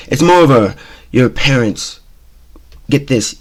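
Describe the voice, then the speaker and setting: A man's voice: medium pitch, animated, normal speed, pauses often. A man hosting his own talk show, giving blunt, opinionated commentary and often repeating himself with "okay?" and "you know?". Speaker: show host.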